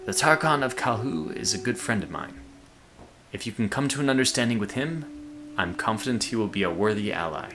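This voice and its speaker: A streamer doing a put-on accent for a war-weary male grand duke in a video game, speaking slowly and gravely. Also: lowish voice, lively intonation, background noise, close to an everyday voice. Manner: put-on unplaced accent, slow and measured.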